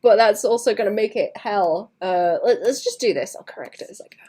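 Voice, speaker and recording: A young woman chatting casually to her stream as she draws, muttering to herself and often clearing her throat. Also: medium pitch, brisk, warm tone. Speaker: artist livestreaming. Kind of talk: casual streaming chat while drawing.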